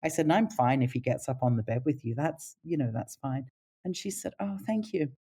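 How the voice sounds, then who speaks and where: A middle-aged woman with a low, mellow voice, a palliative care nurse sharing stories in an easygoing interview. Her pitch leaps up whenever she acts out what someone said. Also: brisk, slightly rough. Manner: animated pitch when quoting others. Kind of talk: casual storytelling interview.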